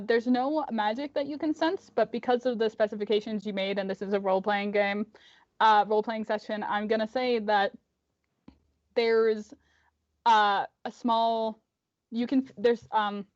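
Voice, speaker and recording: A woman game master leads an online tabletop session, her voice sitting fairly high. She talks hesitantly, filling pauses with ums. The call audio is dry and slightly dull. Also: steady tone, no room sound.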